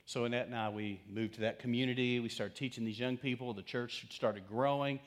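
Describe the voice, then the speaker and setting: Storytelling pastor swinging loud and hushed. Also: male voice, medium pitch, steady tone, fairly quick. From Texas. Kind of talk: sermon.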